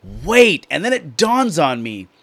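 Man, slightly high voice, dry close sound, profane and excitable wrestling recapper. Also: a little slow, dry recording. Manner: excitable, profane, animated storytelling. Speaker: wrestling commentator reviewing a show.

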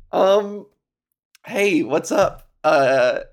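Giggly rambling comedian hosting a podcast. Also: male voice, fairly high pitch, lively intonation, a little slow. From Ontario, Canada. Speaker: podcast host. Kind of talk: casual solo podcast chat.

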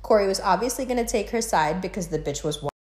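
A woman hosting a podcast, ranting in a casual, profane and animated way, mocking people with quick impressions. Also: medium pitch. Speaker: podcast host. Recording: echoey room.

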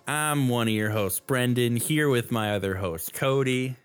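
A man's voice: medium pitch, unhurried, smooth, soft background music. A man co-hosting a casual film podcast, talking in a playful, jokey, rambling way. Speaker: podcast co-host.

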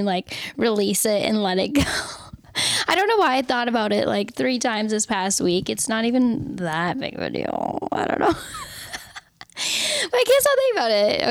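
A young woman hosts a casual self-help podcast. Her talk is candid, she swears freely and laughs often. Her voice sits a little high and sounds dry and close to the mic. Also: no echo. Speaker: podcast host.

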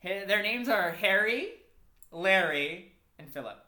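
A woman's voice: medium pitch, expressive, a little slow, sharp tone. Giggly young woman in a roomy space. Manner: giggly, playful, crude joking. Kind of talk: improvised comic ghost storytelling. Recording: echoey room.

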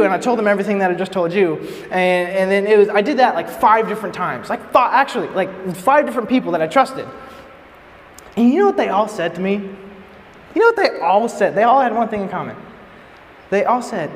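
A young man preaching to a youth group, telling a story and acting out the quotes in a lively way. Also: high voice, fast talker. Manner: animated storyteller, acts out quotes. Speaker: youth speaker. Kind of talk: storytelling sermon. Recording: reverberant hall with faint ambience.

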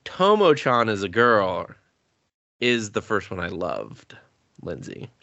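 A low, gravelly man chats loosely about shows on a podcast. He jumps between thoughts, swears freely and chuckles as he goes. His voice has a rough fry to it. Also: huge pitch swings, takes it slowly, bright, forceful tone, muffled recording. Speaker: podcast co-host. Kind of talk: casual anime review chat.

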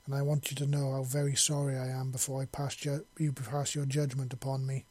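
A man's voice: mid-range voice, monotone, brisk, darkish tone, no echo, close to an everyday voice. A man reading the part of a haunted, remorseful male alien judge who speaks in a broken, pleading voice.

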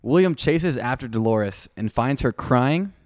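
A man's voice: medium pitch, expressive, a little slow, darkish tone, no room sound, studio quality. A man co-hosting a podcast, recapping episode events in casual chat with a jokey, rambling manner. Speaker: podcast co-host.

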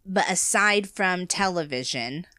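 A woman's voice: on the low side, lively intonation, a little slow, bright, forceful tone, no echo, studio quality. A woman from the United States co-hosting a podcast in casual chat, laughing often and restarting her sentences. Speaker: podcast co-host.

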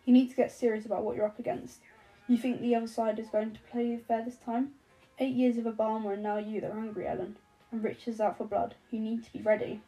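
A woman's voice: on the high side, flat delivery, fairly quick, dark tone, faint music behind, close to an everyday voice, rough recording. A woman reading an audiobook, voicing a stubborn middle-aged man who talks bluntly and grimly. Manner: blunt, grim.

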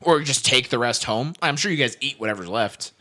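A man's voice: mid-range voice, expressive, brisk, sharp tone. A young man in casual chat who talks bluntly and sarcastically, swearing as he reacts.

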